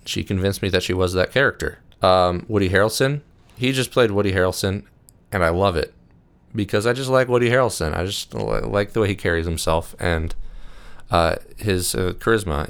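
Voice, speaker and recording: A young man with a deep, low-pitched voice gives a loose, rambling monologue. His tone is smooth and clear, and his delivery is enthusiastic, with frequent "uh"s and restarts. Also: fairly quick. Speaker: video host. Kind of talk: casual monologue reviewing films.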